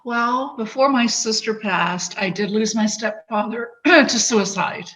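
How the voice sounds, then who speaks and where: A woman guest in an interview, speaking in a slow, halting way with many pauses and restarts. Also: fairly high pitch, a bit bright, low-quality recording. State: tearful, voice breaking. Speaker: podcast guest. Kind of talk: emotional interview conversation.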